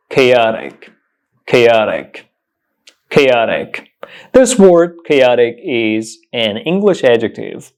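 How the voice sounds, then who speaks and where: Man, English pronunciation teacher, animated pitch, repeats words slowly and clearly. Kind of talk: pronunciation lesson.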